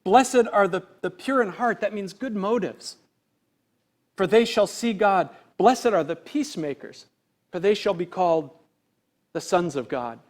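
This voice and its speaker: A male pastor delivers an earnest sermon in a fairly high voice. He talks to the congregation conversationally, leaning on rhetorical questions. When he acts out quoted voices, he swings from loud declarations to near-hushed lines. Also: unhurried.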